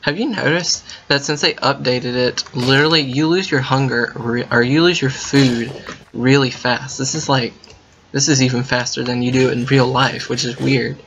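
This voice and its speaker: A man commenting while playing a game, thinking out loud and breaking into excited yelps and gasps. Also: mid-range voice, normal speed, slight background noise. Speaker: gaming video creator. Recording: muffled lo-fi mic with faint keyboard typing.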